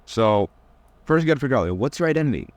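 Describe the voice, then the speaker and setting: A man's voice: medium pitch, animated, fast talker, dry recording. A young man giving a casual, blunt dating-advice lecture, teasing his listeners and mocking them in whiny put-on voices.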